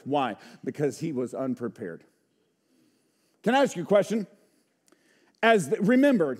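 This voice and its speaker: High-voiced pastor preaching with call-and-response. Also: male voice. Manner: swings from hushed low asides to loud emphatic shouts; folksy, uses y'all and rhetorical questions. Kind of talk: sermon.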